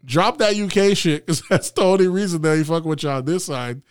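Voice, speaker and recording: Animated podcast co-host, smooth dry voice. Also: male voice, a little high, normal speed, no room sound. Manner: animated, laughs often, swears freely. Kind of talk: casual chat.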